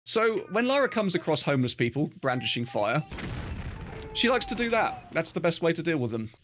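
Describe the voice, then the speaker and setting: A man's voice: a little high, sing-song, brisk, fairly bright tone. Guy playing a game on stream, jokey, laughs lots, faint hiss behind. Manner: jokey, laughs often, puts on silly accents. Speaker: livestream game player. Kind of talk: casual gaming chat.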